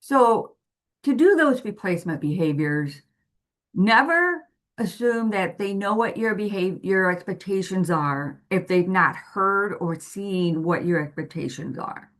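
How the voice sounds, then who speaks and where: A woman's voice: mid-range voice, expressive, measured pace. A woman presenting to parents in a patient, explanatory way, walking through everyday examples. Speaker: parent guide presenting to families.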